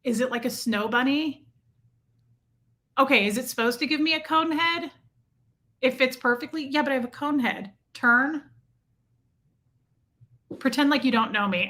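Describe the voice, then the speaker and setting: A woman's voice: a little high, normal speed, pauses often, bright, forceful tone. A woman hosting a casual livestream, rambling through stories and answering viewers' questions. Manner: chatty, rambling, reads and answers chat. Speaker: livestream host.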